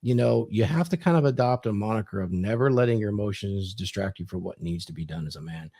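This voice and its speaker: A man with a lowish voice speaks as an author on a podcast, explaining his ideas at length in a lecturing way. The recording is dry and close-miked. His tone stays casual and conversational. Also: fast, mellow, no echo.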